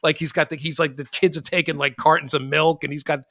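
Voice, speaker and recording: A man hosts a casual podcast about films, telling scenes in an animated, rambling way. His voice is bright and forceful, and the sound is dry and close, with no room around it. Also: a little high, quick pace, no echo. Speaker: podcast host. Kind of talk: casual film discussion.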